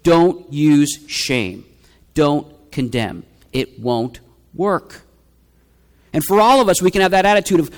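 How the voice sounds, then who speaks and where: A man preaching with an earnest, rhetorical delivery, his voice sitting a little higher than most men's. He drives each point home by repeating lines. A long hall reverb trails behind every phrase. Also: lively intonation, slow pace. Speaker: pastor. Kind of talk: sermon.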